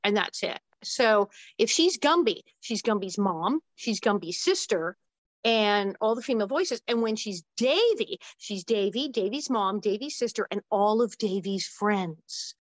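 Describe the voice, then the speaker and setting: A woman in her sixties, an interview guest, telling stories in an animated, casual way with quick asides. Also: mid-range voice, dry recording. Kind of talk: casual storytelling.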